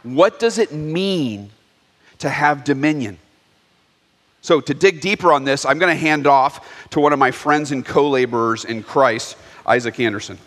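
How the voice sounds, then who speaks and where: A man preaching, posing reflective questions at a deliberate pace. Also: a little high, a bit bright. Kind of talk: sermon. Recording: long hall reverb.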